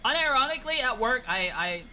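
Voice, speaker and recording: A woman's voice: a little high, lively intonation, fairly quick, bright, forceful tone, a little hiss or hum, rough recording. A young woman streaming a flight game, chatting casually and teasing her chat in a playful way.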